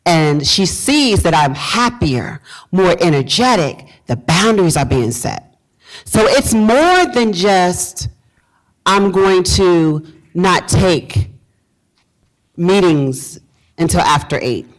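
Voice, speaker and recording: A pastor and speaker from Virginia in the US South addresses a live audience with a motivational talk, repeating key phrases and quizzing the room. Her voice is lowish with big pitch swings, she takes it slowly, and the recording is rough.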